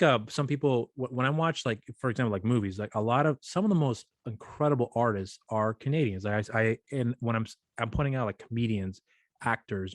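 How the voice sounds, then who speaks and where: A man's voice: mid-range voice, dry recording. A man hosting a casual interview show, rambling and often stumbling over his words. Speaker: podcast host.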